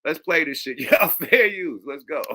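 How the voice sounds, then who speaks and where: A man hosting a reaction stream with a very bright, cutting voice. He talks bluntly and swears freely, with frequent laughter. Casual, off-the-cuff commentary. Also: fairly high pitch. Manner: blunt, profane, laughing often, mocking put-on voices. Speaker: host reacting to clips.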